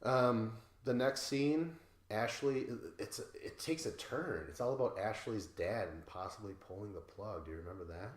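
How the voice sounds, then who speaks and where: Hombre de voz grave en sala con eco. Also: male voice, on the low side, normal speed, echoey room. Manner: animated, mimics cast members with laughs. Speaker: podcast co-host. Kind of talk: casual recap chat.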